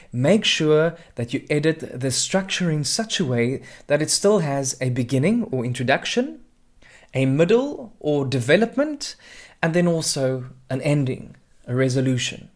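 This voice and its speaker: A man who works as a drama adjudicator and mentor gives a scripted tutorial on preparing a performance. He speaks clearly and expressively and shows pitch, pauses and volume with his own voice.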